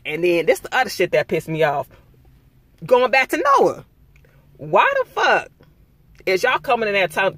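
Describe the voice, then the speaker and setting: A young man reviews a TV episode in a heated, profane rant with lots of animation. His voice sits somewhat high for a man, and the recording is dry and close with no room sound. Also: a bit bright, dry recording. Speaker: TV show reviewer.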